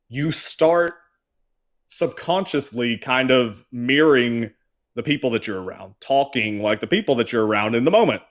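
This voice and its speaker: A man's voice: mid-range voice, a bit bright. A man hosting a casual political chat, ranting and swearing, and sometimes mocking people in put-on voices. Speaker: host.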